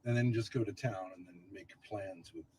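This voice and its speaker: A man chatting casually on a livestream in a relaxed, unhurried way. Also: on the low side, slight background noise. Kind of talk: casual conversation.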